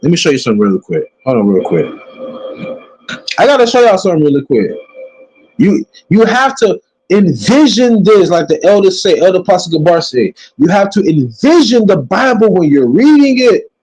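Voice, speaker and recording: Preachy male religious commentator, husky voice, drawn-out emphatic words, wide pitch swings. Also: very animated, a little mellow, low-quality recording. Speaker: religious teacher.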